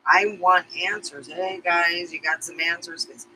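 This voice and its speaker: A middle-aged woman speaks straight to her viewers in a confessional vlog. Her voice is sharp and very bright. She rambles candidly and emotionally, with casual swearing. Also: lowish voice, steady tone, unhurried, a little hiss or hum, low-quality recording. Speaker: vlogger.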